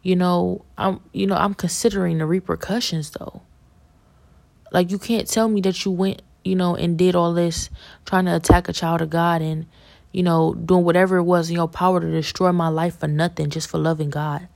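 A woman's voice: fairly low pitch, little pitch movement, moderate pace, vocal fry, a little mellow. A woman giving a fervent, preachy religious testimony as a podcast guest, repeating herself as she urges listeners.

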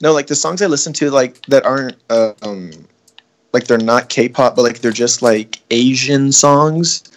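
A man's voice: mid-range voice, unhurried, slight background noise. A young man chatting casually with friends, rambling with lots of filler words and swearing. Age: young adult. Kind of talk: casual podcast chat among friends.

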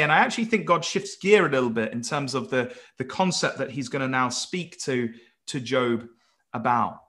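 A man's voice: on the high side, pushed and bright. A man preaching an earnest Bible-study sermon, emphatic and stumbling into restarts as he presses his points.

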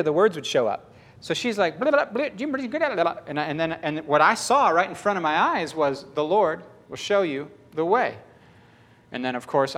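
A man giving a casual, story-filled sermon, chatty and animated, often laughing and acting out what people said. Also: high-pitched. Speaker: pastor.

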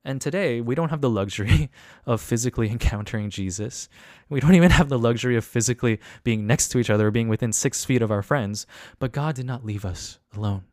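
A male pastor delivers a sermon in an earnest, repetitive way, lifting his voice on the questions he wants his listeners to answer. His pitch sits in the middle range. The sound is dry and close, with no room echo. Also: quick pace, a little mellow. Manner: earnest, repetitive, rising emphasis on key questions. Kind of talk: online sermon.

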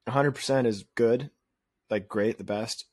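A man co-hosting a casual podcast, quick-witted and teasing. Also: mid-range voice, darkish tone. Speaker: podcast co-host. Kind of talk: casual chat.

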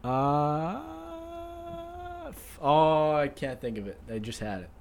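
This young man co-hosts a relaxed podcast and talks in short, punchy list items. He sits a little back from the mic, so he comes across quieter than the host, with faint room noise behind him. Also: mid-range voice, slow pace. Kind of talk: casual podcast chat.

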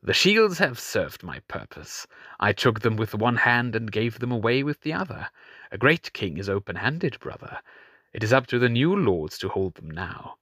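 A man voicing a mocking, cruel male pirate king who taunts slowly and slyly, with sudden high mocking lifts. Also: big pitch swings, fairly bright tone, dry recording, studio quality. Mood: taunting.

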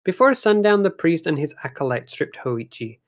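Male storyteller, measured, dramatic pauses, ghost story narration. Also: a little high, sing-song.

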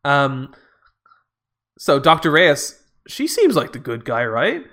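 A man's voice: fairly high pitch, wildly swooping pitch, takes it slowly, a bit bright. A man in casual chat, recapping a movie with sarcastic, profane jokes and frequent laughs. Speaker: podcast co-host.

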